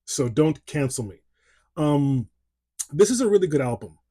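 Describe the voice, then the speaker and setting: A man's voice: on the high side, big pitch swings, normal speed, warm tone, breathy edge. A man giving a casual album review in a playful, jokey, self-mocking way. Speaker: music reviewer.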